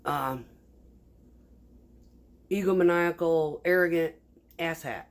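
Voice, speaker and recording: A woman's voice: deep voice, slow. A woman vlogger chatting casually at home, rambling, swearing a lot and laughing often. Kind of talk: casual chat while sewing. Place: home kitchen.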